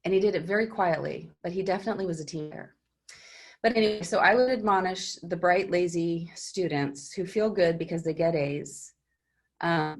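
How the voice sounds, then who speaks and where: A middle-aged woman teacher giving her class an earnest, encouraging pep talk through a personal story. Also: lowish voice. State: teary.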